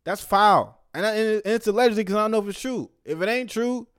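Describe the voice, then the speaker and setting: Man, young, heated, profane, outbursts then mumbles, slightly high voice. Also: fast talker, no room sound, studio quality. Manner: profane, heated, swings from loud outbursts to low mumbling asides. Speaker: commentator. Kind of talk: casual ranting commentary.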